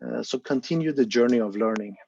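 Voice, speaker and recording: A man's voice: medium pitch, fairly quick, creaky, a little mellow, husky. Earnest man on a muffled call. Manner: earnest, encouraging, thinks aloud with fillers. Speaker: volunteer presenter of an online discussion. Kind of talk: casual explanatory talk on a video call.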